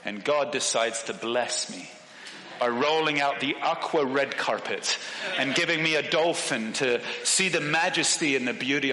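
A man preaching and telling a personal story, acting out the voices in it. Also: on the high side. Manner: animated storytelling, acts out voices. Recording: echoey hall with long reverb.

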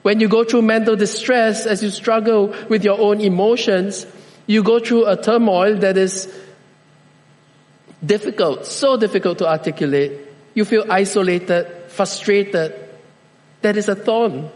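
High-voiced preacher in a reverberant hall. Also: male voice, fairly even intonation, a little mellow. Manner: slow, deliberate preaching with measured pauses. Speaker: pastor. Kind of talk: sermon.

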